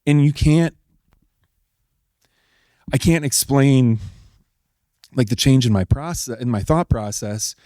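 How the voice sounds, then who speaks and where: A man's voice: mid-range voice, takes it slowly, pauses often, warm tone, dry recording, clean studio sound. A middle-aged man from Texas, a guest in an interview, earnestly retelling an emotional family ordeal with many fillers. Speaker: guest, husband. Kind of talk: personal storytelling in an interview.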